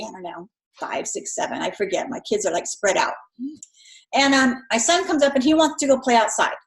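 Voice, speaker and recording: A woman's voice: fairly high pitch, echoey room, rough recording. A middle-aged woman giving a recorded lecture in a conversational way, often checking in with "right?". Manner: conversational, keeps adding "right?". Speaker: instructor.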